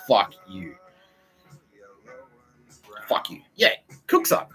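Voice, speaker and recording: A man's voice: on the low side, huge pitch swings, drawn-out words, sharp tone, soft background music, rough recording. An Australian man hosting a podcast in a profane comedic rant, swearing, laughing and putting on mocking voices. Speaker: podcast host.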